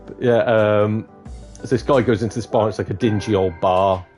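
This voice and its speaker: A man's voice: fairly low pitch, normal speed, faint music behind. A man on a live gaming stream, telling jokes casually, swearing and laughing at his own punchlines. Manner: swearing, laughing, animated storyteller.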